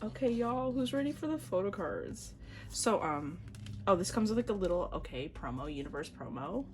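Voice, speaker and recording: Gushing young woman, lively pitch. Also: moderate pace, noisy background. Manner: gushing fan, gasps and squeals, slides into whispers. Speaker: vlogger unboxing an album. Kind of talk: casual unboxing chat.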